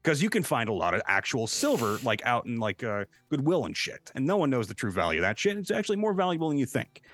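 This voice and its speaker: A man's voice: mid-range voice, quick pace, faint music behind. A man, a voice actor guest on a podcast, telling stories in a casual, profane, rambling way. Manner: profane, rambling, animated storyteller.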